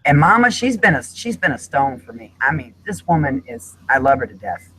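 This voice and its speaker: A woman's voice: rumbling low, very animated, brisk, a bit bright, slight background noise, poor audio. A middle-aged woman speaking as a guest in an emotional panel discussion, talking in an impassioned, emphatic way.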